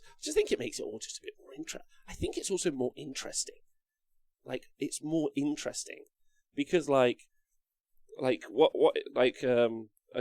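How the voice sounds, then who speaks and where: A man with a gravelly, fry-edged voice hosts a casual live stream, rambling through chat messages and swearing offhandedly. His voice sits at an ordinary middle pitch. The sound is dry and close. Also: dry recording. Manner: rambling, swears casually, answers viewer comments aloud.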